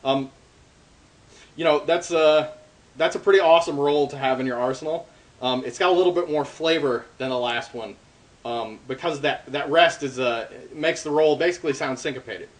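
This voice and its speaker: Casually teaching hand-drum rolls, this darbuka instructor speaks in a fairly high voice at a moderate pace. The step-by-step explanation is loaded with ums and uhs, and drumming sounds between phrases.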